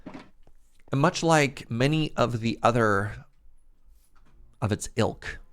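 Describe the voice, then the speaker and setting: A man's voice: medium pitch, slow, a bit bright. A man streaming a building game, chatting casually and thinking aloud as he builds. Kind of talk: casual livestream chat while playing.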